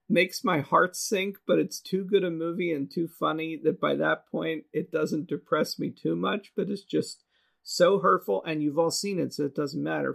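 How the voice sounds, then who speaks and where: A man co-hosting a podcast in casual chat, animated and often laughing as he talks. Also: high-pitched, gravelly. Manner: animated, laughs while talking. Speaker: podcast co-host.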